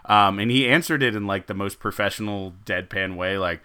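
A man's voice: fairly low pitch, brisk, bright, forceful tone, clear, resonant tone. A man co-hosting a sports podcast, rambling and joking in casual chat and laughing often. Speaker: podcast co-host.

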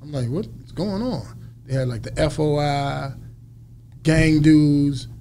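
Male interview guest, storyteller who acts out every quote, a little high-voiced. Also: slow, a little hiss or hum. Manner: animated storyteller acting out quotes.

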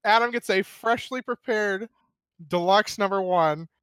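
A high-voiced man tells a rambling story, animated, swearing and laughing as he goes. His voice is dry and close, with no room around it. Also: unhurried, clean tone, no room sound. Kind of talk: casual storytelling.

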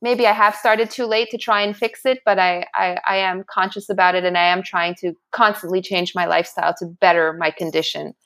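A woman's voice: on the low side, fairly even intonation, a little fast, hardly any pauses, fairly bright tone. A middle-aged woman, a guest in an interview, telling a story animatedly and often restarting her sentences. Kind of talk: casual interview talk.

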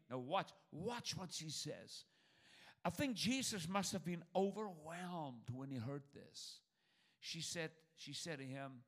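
A man with a fairly high, expressive voice and some vocal fry preaches a sermon at a measured pace. He presses his points through repetition and calls on the church, his emphatic delivery swinging between loud calls and near-muttered asides.

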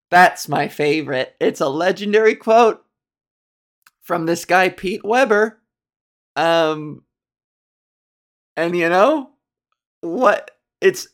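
Woman, podcast host, solo casual monologue, rambling, jokey, many fillers, slow pace. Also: deep voice. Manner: rambling and jokey, with frequent ums and self-corrections.

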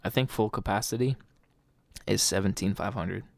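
A man's voice: on the low side, moderate pace, creaky, no room sound. A young adult man co-hosting a podcast in casual chat, enthusiastic and rambling, with plenty of slang. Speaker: podcast co-host.

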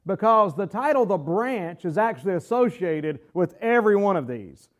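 High-voiced man teaching a Bible study. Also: expressive. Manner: earnest, slows down hard to stress key phrases; reads scripture aloud with measured weight. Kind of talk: sermon-style Bible teaching.

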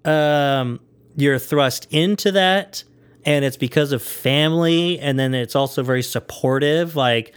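A man's voice: a little high, a little slow, smooth. A man co-hosting a podcast in loose, rambling casual chat, full of fillers and frequent laughter. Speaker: podcast co-host.

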